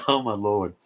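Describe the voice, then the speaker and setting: Slow-talking easygoing man. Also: on the low side. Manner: laughing a lot, easygoing and folksy. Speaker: live stream host. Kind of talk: casual live chat reading viewer comments. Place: at home.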